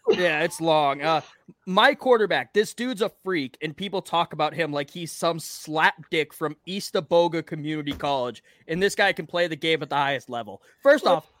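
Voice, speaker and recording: A man co-hosting a sports podcast, talking in loose, joking banter with plenty of swearing. His voice sits a little high and sounds bright and forceful. The sound is dry and close. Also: normal speed, dry recording. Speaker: podcast co-host. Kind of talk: casual sports chat.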